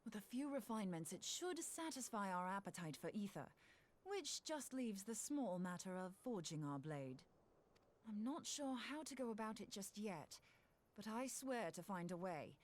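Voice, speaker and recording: A woman's voice: mid-range voice, sing-song, moderate pace, lightly acted. A woman voicing a bold, axe-loving young woman scholar in a game, breezy and wry. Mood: eager. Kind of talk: game voice acting.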